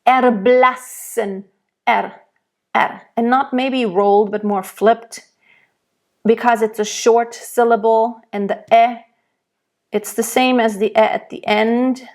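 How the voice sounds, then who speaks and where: Slow German-accented woman singing teacher. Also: fairly high pitch, fairly even intonation, darkish tone. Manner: explains slowly, models pronunciation aloud. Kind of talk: diction lesson.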